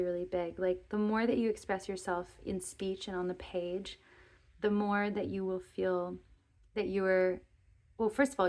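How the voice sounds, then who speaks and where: A woman giving a tarot reading, speaking gently and earnestly to viewers, rambling and restarting as she goes. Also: lowish voice. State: emotional, near tears. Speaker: tarot reader.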